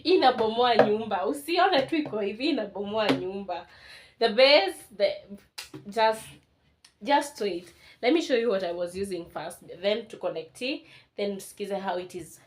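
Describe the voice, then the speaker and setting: A woman's voice: mid-range voice, lively intonation, moderate pace, slight background noise. A Kenyan woman in her twenties, chatting casually and emotionally as she unboxes things for a home vlog. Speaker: vlogger. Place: indoors at home.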